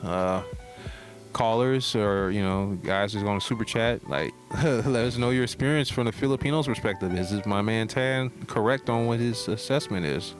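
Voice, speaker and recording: A man's voice: lowish voice, normal speed, over music. A man co-hosting a podcast, chatting casually and teasing his co-host with lots of laughter. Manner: joking, teasing, animated with laughter.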